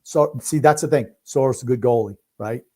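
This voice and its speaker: A man with a mid-pitched voice, co-hosting a casual sports watch-along. He rambles in a laid-back way and fills gaps with ums and uhs. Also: a little fast, a little mellow. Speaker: podcast co-host.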